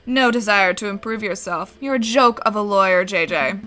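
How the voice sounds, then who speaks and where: A woman's voice: mid-range voice, normal speed, bright, forceful tone, lightly acted. A woman voicing a scornful male rival who belittles the hero while she reads a game aloud. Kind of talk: game voice-over reading.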